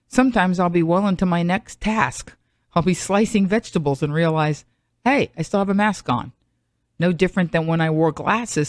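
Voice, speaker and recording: A woman's voice: on the low side, dry recording, studio quality. A middle-aged woman hosting a podcast, talking in a chatty, rambling monologue full of self-mocking asides. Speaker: podcast host. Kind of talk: solo comedic monologue.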